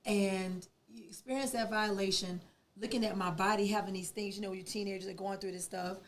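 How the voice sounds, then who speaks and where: A woman, a podcast guest telling a personal story in an animated, emphatic way. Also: mid-range voice, fairly quick, a little hiss or hum. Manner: animated, emphatic, acts out quoted dialogue.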